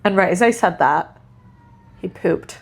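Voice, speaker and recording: A woman's voice: fairly low pitch, a little slow, gravelly, husky. A mother co-hosting a podcast, telling stories in casual chat with lots of laughter. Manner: animated storyteller who laughs often.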